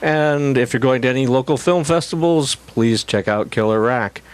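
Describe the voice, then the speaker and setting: A middle-aged man, a guest actor, chatting casually on a talk show with wry, deadpan self-mocking humor. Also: mid-range voice, normal speed, clean tone. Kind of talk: casual chat.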